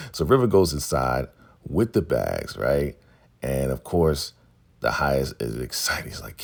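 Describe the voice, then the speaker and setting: A man with a very low, gravelly voice talks through an episode recap in a loose, casual way. His tone is husky rather than clean, and he jumps into the characters' dialogue as he goes. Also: very animated. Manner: retells scenes with quick quoted dialogue and laughs. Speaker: recap host.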